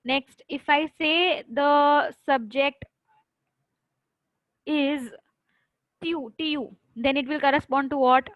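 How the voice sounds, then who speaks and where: A high-voiced woman with an Indian English accent teaches an online French class, repeating key points patiently and praising her students by name. The sound is dry and close. It is a little muffled, like online class audio. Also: fairly even intonation, slow, long pauses, no echo. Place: online class via chat.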